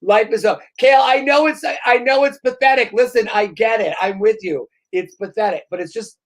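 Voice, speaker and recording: A woman hosting a comedy podcast, telling stories in an animated, profane way and working herself up as she talks. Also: on the high side, brisk. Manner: profane, animated storyteller who gets worked up. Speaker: podcast host. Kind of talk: comedic casual chat.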